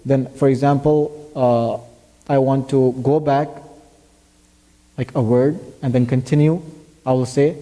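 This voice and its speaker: A man's voice: medium pitch, fairly even intonation, a little slow, pauses often, mellow, big-room sound. A man teaching tajweed. He patiently explains where Arabic letters are pronounced, quizzes his student, and recites verses as examples. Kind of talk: tajweed lesson. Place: mosque classroom.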